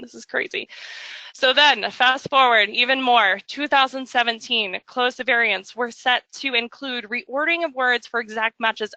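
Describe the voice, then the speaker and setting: Bright, playful woman presenting a webinar. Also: on the high side, creaky, no room sound. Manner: jokey, chatty, slips into quick voices for asides. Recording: dull, dry lo-fi audio.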